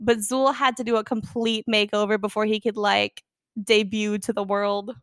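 A young woman chatting casually about a film, animated and acting out quotes. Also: mid-range voice, moderate pace, clear, resonant tone, no room sound, studio quality. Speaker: podcast co-host.

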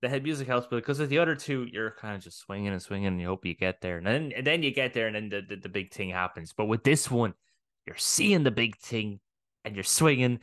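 Excitable rambling male podcast co-host. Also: on the low side, brisk. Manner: excitable, rambling, swears casually. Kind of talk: casual chat.

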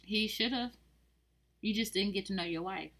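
Woman, podcast co-host, casual chat, blunt, joking, slangy, middle pitch. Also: normal speed, a bit bright. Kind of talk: casual chat about reality TV.

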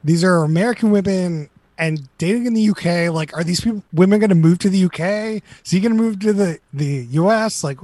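A man's voice: sits high, brisk, hardly any pauses, a little mellow, no echo. A man co-hosting a casual chat, rambling through incredulous rhetorical questions.

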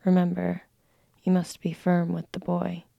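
A woman's voice: lowish voice, completely flat delivery, unhurried, creaky, no echo, lo-fi sound. Stern stepfather in a whisper, as a woman reads him. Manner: stern, menacing. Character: stern cruel stepfather, a grown man. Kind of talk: whispered role-play.

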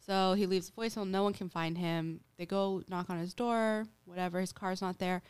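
A woman's voice: fairly low pitch, steady tone, brisk, a little mellow, clear, resonant tone. A woman hosting a casual podcast, retelling a true-crime case in a chatty way with lots of "like" and acted-out quotes. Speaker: podcast host.

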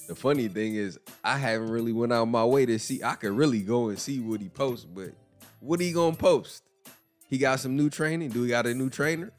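A man hosting a casual boxing commentary podcast, animated and mocking, who laughs often. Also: mid-range voice, a little fast, faint music behind. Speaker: podcast host.

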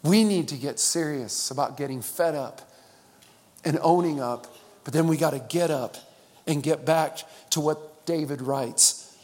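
A male pastor preaching a sermon, calling on the church to repeat after him and swinging between loud and hushed. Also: on the high side. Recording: long hall reverb.

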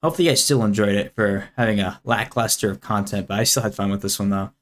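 A man's voice: on the low side, fast, fairly bright tone. A teenage boy hosting a school podcast in casual chat, easygoing and laughing often. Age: teens. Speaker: podcast host.

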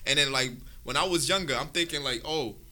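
A man's voice: fairly high pitch, brisk, sharp tone. A young man casually telling a long, profane story to friends, often checking in with "right?". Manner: rambling, profane, tags lines with "right?".

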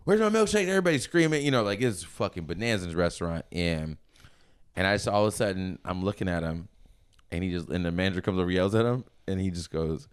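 A man's voice: low voice, quick pace, clear, resonant tone. A man, a guest on a casual podcast, telling stories and acting out what people said, laughing often. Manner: lively storyteller who acts out people's voices and laughs a lot. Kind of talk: casual storytelling chat.

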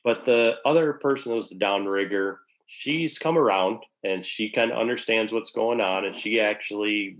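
A man's voice: on the low side, fairly bright tone, low-quality recording. A man casually telling a long work story, sprinkled with swearing and acted-out quotes. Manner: casual, profane, acts out quoted voices.

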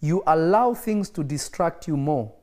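A man's voice: a little high, animated, unhurried, darkish tone. A man preaching an emphatic livestreamed sermon, repeating phrases for effect, with coughs and laughs between points.

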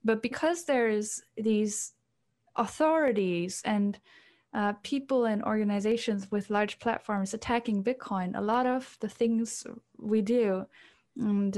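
A woman's voice: mid-range voice, darkish tone. A woman co-hosting a podcast, talking casually and explaining at length with fillers. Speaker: podcast co-host. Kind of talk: casual chat.

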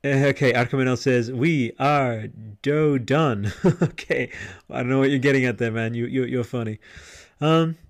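A man's voice: medium pitch, fairly even intonation, a little fast. Male podcast host, casual rambling chat, restarts a lot, mid-range voice. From Australia. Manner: rambling, chatty, lots of fillers and restarts. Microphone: headset microphone.

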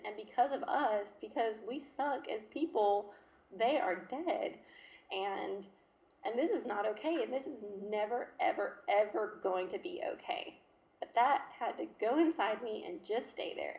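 A woman in her thirties, a mother telling her personal story in an emotional, halting, heartfelt way. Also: mid-range voice, a little mellow. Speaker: mother sharing her testimony. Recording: roomy echo.

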